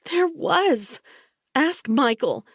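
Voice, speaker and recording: A woman's voice: high-pitched, big pitch swings, drawn-out words, no echo, clean studio sound, voice pushed up, heavily acted. A woman reading an audiobook, voicing a distraught young pregnant woman who pleads desperately. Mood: frantic pleading.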